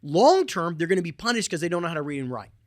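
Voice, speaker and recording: A man hosts a podcast and talks through advice in a loose, animated way, leaning on "right?" and "man". His voice sits a little high for a man. The sound is dry and close, with almost no room around it. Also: quick pace, no echo. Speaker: podcast host. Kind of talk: casual advice talk.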